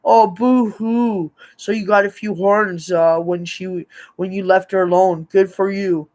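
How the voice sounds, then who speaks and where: A man's voice: high voice, flat delivery, normal speed. A man, rambling through a personal story and laughing often between remarks. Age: 50s. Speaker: vlogger.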